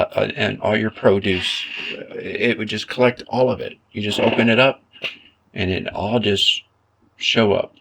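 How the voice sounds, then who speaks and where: A man giving relaxed, self-deprecating commentary while he plays a game, thinking aloud as he goes. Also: lowish voice, creaky, husky. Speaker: gaming video creator. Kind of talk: casual gameplay commentary.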